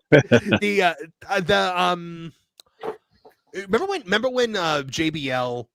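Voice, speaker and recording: A man co-hosting a comedic wrestling podcast, excitable and laughing often, with lots of restarts. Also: sits high, slow pace, vocal fry, a little hiss or hum. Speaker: podcast co-host. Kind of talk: casual comedic wrestling chat.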